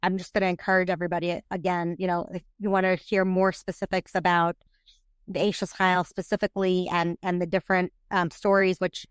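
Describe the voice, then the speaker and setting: Brief: woman host, mid pitch, smooth, halting questions, dry close mic. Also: little pitch movement, dry recording. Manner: halting, many restarts when asking questions. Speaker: podcast host. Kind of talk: podcast interview.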